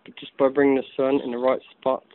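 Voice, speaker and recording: Recorded on a phone camera outdoors in the afternoon sun, a hobbyist video maker casually shows off a gadget, his mid-range voice fast and fairly flat in pitch. He chats loosely, full of ums and restarts, and the audio sounds tinny, like a phone.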